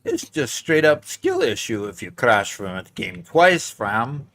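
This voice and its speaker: A man's voice: mid-range voice, huge pitch swings, a little slow, a bit bright, exaggerated voice. A man putting on a cocky, slang-talking young bro voice that teases and swaggers. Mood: taunting. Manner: swaggering street slang, mocking.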